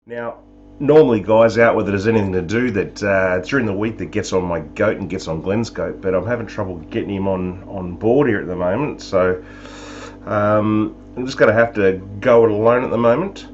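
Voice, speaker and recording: A man's voice: on the low side, moderate pace, darkish tone, a little hiss or hum. An Australian man hosting a live talk show, chatting casually with jokes and sarcasm. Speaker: show host. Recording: dull lo-fi sound, faint music.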